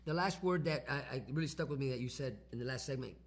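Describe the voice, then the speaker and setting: A man co-hosting a talk show, quick and animated, acting out everyday phone calls. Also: mid-range voice. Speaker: co-host. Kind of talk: casual co-hosted talk.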